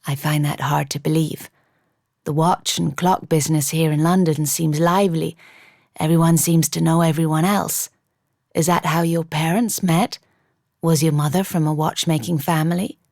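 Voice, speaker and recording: A woman voicing a stern, commanding young American gentleman in an audiobook, clipped and firm. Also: deep voice, fairly even intonation, moderate pace, gravelly, no room sound, studio quality. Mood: measured.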